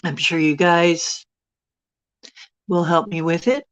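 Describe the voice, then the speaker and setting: Slow, low-voiced woman musing aloud. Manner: meandering, thinking aloud. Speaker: channel host. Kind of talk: livestream chat, recounting dreams and reading viewer comments.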